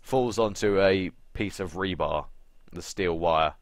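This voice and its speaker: Low-voiced sarcastic young man, dry sound. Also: takes it slowly, no room sound. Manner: sarcastic, swears often, acts out quotes. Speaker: podcast co-host. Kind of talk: casual chat.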